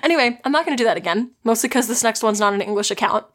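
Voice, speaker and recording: A woman's voice: on the high side, lively intonation, racing. A young woman hosting a podcast, telling stories in a chatty, giggly, digressive way. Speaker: podcast host. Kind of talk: casual podcast storytelling.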